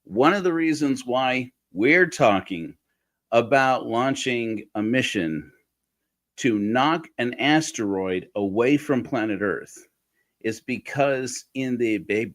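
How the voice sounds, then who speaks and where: A man's voice: mid-range voice, lively intonation, slow. A man hosting a live stream for a church congregation, chatting and joking straight to his viewers. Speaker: livestream host of an atheist church. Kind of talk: casual livestream monologue.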